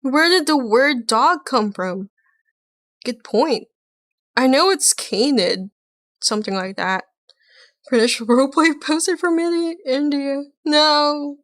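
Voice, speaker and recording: A woman streamer with a higher voice reacts to clips in a slow, drawn-out way. She makes joking, laughing asides. Her sound is dry and close. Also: a bit bright, dry recording. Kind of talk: casual reaction commentary.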